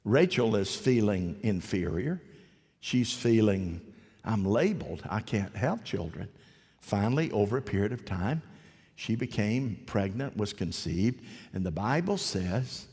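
A man's voice: on the low side, a little mellow, breathy edge. A man preaching a sermon to a congregation, telling a story in a folksy, joking way and asking the crowd questions. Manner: folksy, storytelling, jokey asides. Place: large hall with an audience. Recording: long hall reverb.

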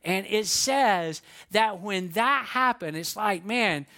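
A man preaching a sermon, retelling a story in a lively, conversational way with frequent asides to his listeners. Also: sits high, takes it slowly. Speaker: pastor.

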